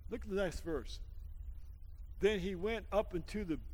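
A man preaching a lively sermon, laughing often and swinging from shouts down to hushed asides, with a folksy habit of saying "man.". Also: high voice, normal speed, in a large hall. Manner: folksy, calls everyone "man". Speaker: pastor.

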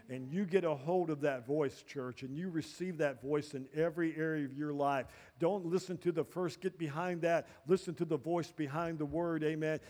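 A man preaching a fervent sermon as pastor, building into shouted praise and declarations. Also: on the high side, in a large hall.

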